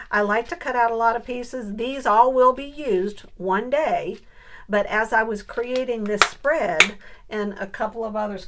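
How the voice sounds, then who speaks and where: A woman's voice: medium pitch, fairly bright tone. A middle-aged woman chatting casually through a crafting tutorial, thinking aloud as she works and asking her viewers questions. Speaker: papercraft vlogger.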